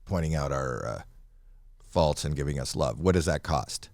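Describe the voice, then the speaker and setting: A man's voice: a bass voice, animated, moderate pace, vocal fry, a little mellow, no echo. Male co-host, dry close mic, pushy teasing questioner. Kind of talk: casual comedic chat.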